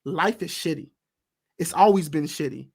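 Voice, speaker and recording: A man's voice: on the high side, normal speed, creaky, breathy edge. A man hosting a panel debate, talking in an earnest, impassioned way and often repeating words as he starts a thought. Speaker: show host.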